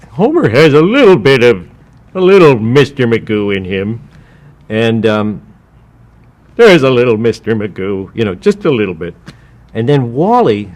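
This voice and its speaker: A man from the United States, a voice actor, chatting in a relaxed interview. He rambles and restarts often, with a middling voice, and breaks into short character voices as he remembers things. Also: medium pitch. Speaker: guest voice actor. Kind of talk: casual interview.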